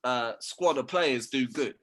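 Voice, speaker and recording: A man's voice: mid-range voice, unhurried, fairly bright tone. A young man, talking football in a casual podcast chat, full of slang and swearing. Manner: slangy, swearing, keeps saying "bruv". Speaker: podcast co-host.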